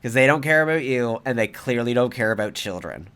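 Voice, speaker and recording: A man's voice: mid-range voice, animated, brisk, fairly bright tone, clear, resonant tone. A man giving angry, profane reaction commentary in a heated ranting manner. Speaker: commentary vlogger.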